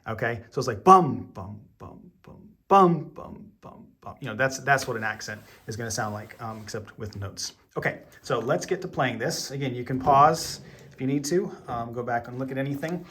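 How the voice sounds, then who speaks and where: A man's voice: medium pitch, a little fast, a bit bright, a little hiss or hum. A man giving an online piano lesson, explaining each step patiently with plenty of ums and okays. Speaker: piano teacher. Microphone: camera mic.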